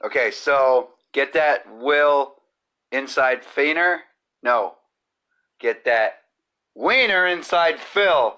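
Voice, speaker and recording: Slow and full of long pauses, a man with a medium-pitched, pushed, bright voice and clean tone runs a comedy podcast from his home kitchen. Cooking is underway as the host rambles through a crude, profane comedic monologue.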